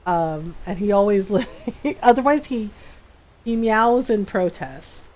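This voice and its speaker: A woman's voice: mid-range voice, slow. A woman streaming a video game, chatting casually and telling stories about her pets with lots of laughter. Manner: chatty, laughing, animated storytelling. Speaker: gaming streamer. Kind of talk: casual chat while live-streaming a game.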